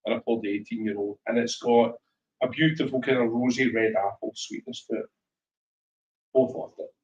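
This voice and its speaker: A Scottish man telling lively whisky stories as a guest speaker at a tasting, acting out voices as he goes. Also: mid-range voice, normal speed, echoey room, far from the mic, dull audio, a little hiss or hum. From Scotland. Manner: animated storyteller, acts out voices in anecdotes. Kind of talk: live storytelling chat at a tasting. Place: shop tasting room.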